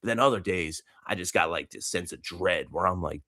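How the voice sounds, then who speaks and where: Laid-back deep-voiced man rambling. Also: fairly quick, hardly any pauses, pushed and bright, no echo, studio quality. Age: 30s. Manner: rambling, laid-back, laughs often, dude slang. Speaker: vlogger and coach. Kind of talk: casual motivational monologue.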